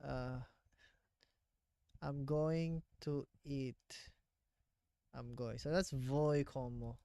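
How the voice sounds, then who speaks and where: A man's voice: mid-range voice, steady tone, extremely slow, creaky, mellow, smooth, dry recording, clean studio sound. A man vlogging his language practice, thinking aloud and correcting himself as he goes. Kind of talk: casual vlog, practicing aloud.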